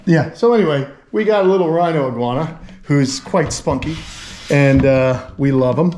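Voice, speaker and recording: A man's voice: a little high, normal speed, darkish tone. Upbeat man showing his reptiles. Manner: enthusiastic, talks to the animals. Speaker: vlog host at a turtle and tortoise sanctuary. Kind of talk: casual vlog narration.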